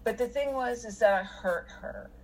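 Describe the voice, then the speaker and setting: A woman's voice: fairly high pitch, normal speed, darkish tone, rough recording. A middle-aged woman telling a personal story in casual conversation, rambling with many fillers and restarts.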